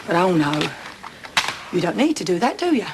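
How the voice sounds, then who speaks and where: A woman's voice: lowish voice, big pitch swings, normal speed, noisy background. An actress playing a distraught woman in her thirties confronting the man who attacked her, bitter and sarcastic in a TV drama. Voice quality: bitter, sarcastic, then breaking down. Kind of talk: television soap drama acting.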